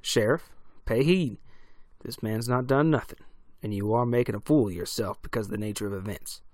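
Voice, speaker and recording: A man voicing a calm, older male townsman who speaks in a soothing, reasonable way. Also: on the low side, normal speed, no room sound, clean studio sound, natural voice.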